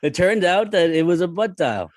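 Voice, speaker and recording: A man from Canada co-hosting a podcast in relaxed, wry casual chat, chuckling between remarks. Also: high voice, normal speed, no echo, studio quality. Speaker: podcast co-host.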